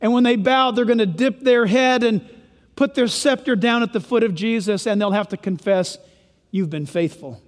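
A pastor with a strikingly high voice preaches in a big hall, and his words ring out with a long echo. He mixes scripture with jokey, animated asides. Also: moderate pace. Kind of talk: sermon.

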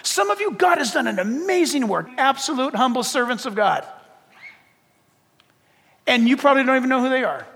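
A man preaching a sermon as pastor, animated, acting out little dialogues and rising to shouts. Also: extremely high pitch, normal speed, long pauses. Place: church sanctuary. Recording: long reverb of a church hall.

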